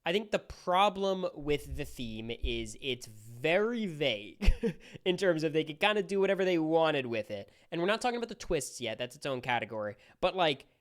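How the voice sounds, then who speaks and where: A young man hosting a casual livestream chat, giving quick, opinionated takes. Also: on the high side. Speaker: streamer host.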